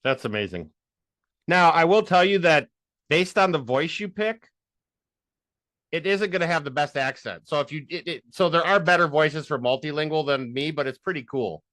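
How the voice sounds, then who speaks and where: A man teaching a live software tutorial, excitable and rambling as he thinks aloud. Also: a little high, moderate pace, no room sound. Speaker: instructor.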